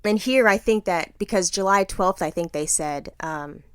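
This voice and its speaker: A woman's voice: mid-range voice, normal speed, clean tone, no echo, studio quality. A woman co-hosting a podcast in casual chat, blunt and emphatic, with plenty of cussing. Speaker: podcast co-host.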